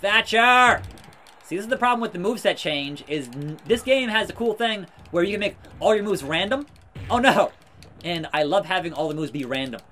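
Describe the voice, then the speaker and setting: A man giving casual, excitable commentary over a wrestling video game, swinging between loud outbursts and muttered asides. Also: high voice, quick pace, hardly any pauses, a little hiss or hum. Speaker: gaming YouTuber.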